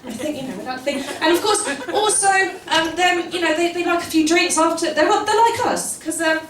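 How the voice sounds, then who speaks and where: High-voiced woman doing stand-up. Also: lively intonation, moderate pace, crowd noise. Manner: chatty, rambling, self-deprecating with many ums and laughs. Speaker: stand-up comedian. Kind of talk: stand-up comedy set. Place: live comedy venue with an audience. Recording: roomy live venue from far off.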